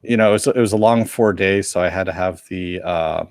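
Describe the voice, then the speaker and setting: Male co-host, lowish voice, dry close recording, rambling joker who restarts sentences. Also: brisk, no room sound. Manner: rambling storyteller with frequent restarts, joking and self-mocking. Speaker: podcast co-host reporting on a convention. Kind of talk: casual live-stream chat.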